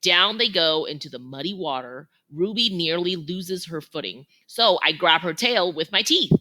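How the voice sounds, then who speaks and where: Bright, animated woman reading a children's book. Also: lowish voice, moderate pace. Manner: expressive, animated. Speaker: reader. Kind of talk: reading a children's novel aloud.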